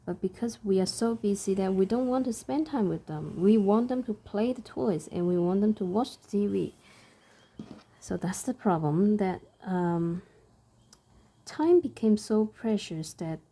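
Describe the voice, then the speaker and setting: Woman, very dark mellow tone, slow, soft and hesitant. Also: mid-range voice. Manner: soft, thoughtful, hesitant with many pauses. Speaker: parent and crafter. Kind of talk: reflective chat while stitching.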